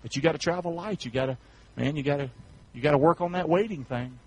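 A man's voice: on the high side, fast, slightly rough, low-quality recording. A man from North Carolina with a Southern accent, preaching a folksy sermon as pastor, calling out to the congregation for amens. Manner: folksy, swings from shouts to soft asides, calls for amens.

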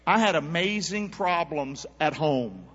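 A man preaching a sermon, calling on the congregation to answer back and swinging between loud and hushed. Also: on the high side, lively intonation, measured pace, husky. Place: church. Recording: dull sound with long church reverb.

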